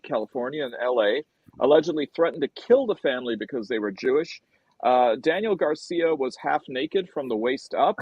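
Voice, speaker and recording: A man's voice: a little high, slightly rough, no room sound, highs cut off. A man hosting a casual panel discussion, teasing his guests and handing the floor around. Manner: animated, teasing, hands off to panelists. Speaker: host.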